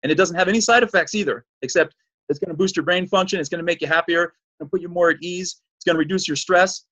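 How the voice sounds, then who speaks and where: A man's voice: high-pitched, quick pace, fairly bright tone, poor audio. A man hosting a fitness show, giving an emphatic, preachy solo monologue full of repeated points.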